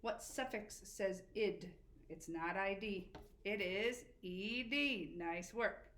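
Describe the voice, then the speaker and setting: A woman teacher giving a spelling lesson to children, patient and encouraging, slowly spelling letters out. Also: medium pitch, a bit bright. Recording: echoey room with faint background noise.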